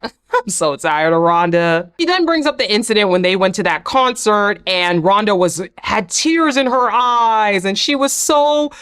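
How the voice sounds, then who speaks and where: A woman's voice: mid-range voice, animated, a little slow, fairly bright tone, smooth. A woman hosting a reality TV recap, talking casually with blunt, sarcastic opinions.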